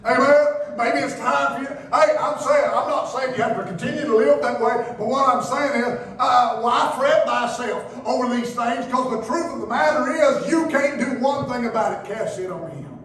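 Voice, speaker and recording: Man, pastor, sermon, high voice, very echoey church, distant mic. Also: normal speed, few pauses. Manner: preaching with swings from loud calls to hushed low passages. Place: church sanctuary.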